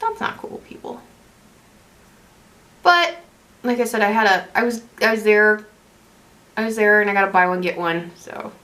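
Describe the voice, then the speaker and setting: Bright-voiced chatty woman. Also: medium pitch, moderate pace, long pauses. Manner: chatty, rambling, self-correcting. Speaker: beauty vlogger. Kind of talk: casual makeup tutorial chat.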